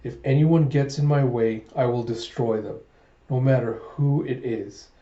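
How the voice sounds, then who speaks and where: A man voicing a calm, ruthless young usurper as he reads a manga aloud. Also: medium pitch, unhurried, natural voice. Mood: cold. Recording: echoey room, dull lo-fi sound.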